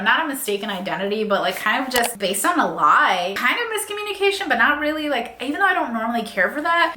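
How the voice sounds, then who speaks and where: A chatty, animated young woman casually reviewing books, full of fillers. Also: on the high side, roomy sound, slight background noise. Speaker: book reviewer. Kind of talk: casual book review chat.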